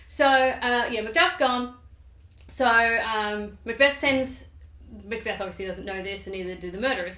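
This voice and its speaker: A woman's voice: on the high side, sharp tone. A woman hosting a comedic summary of a play, chatty and sarcastic, with rambling asides. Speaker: video host. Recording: roomy echo.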